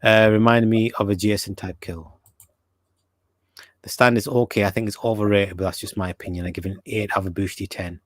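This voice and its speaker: A man with a fairly low voice hosts a laid-back podcast and reads viewer comments aloud. He stumbles through fillers and restarts. The sound is dry and close, with no room echo. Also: steady tone, a little fast. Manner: hesitant, many fillers and restarts. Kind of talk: casual chat.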